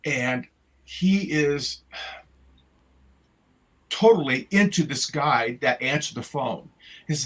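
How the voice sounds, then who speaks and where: Older man, husky, halting storyteller. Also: mid-range voice, expressive, a bit bright, rough recording. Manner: halting, with many restarts and fillers. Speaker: retired music educator, guest. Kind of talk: conversational storytelling.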